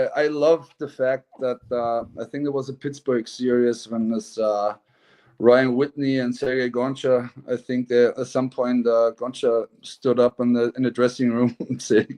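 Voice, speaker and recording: A man's voice: medium pitch, unhurried. A middle-aged man, a former hockey player talking as a guest in a casual, rambling interview. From Germany. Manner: relaxed, rambling, laughs easily.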